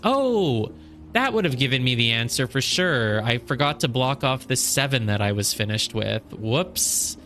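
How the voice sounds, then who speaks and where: In casual live gameplay commentary, a young man works through a puzzle game, counting squares and getting on his own case when he slips up. His pitch is fairly low and his tone a bit bright.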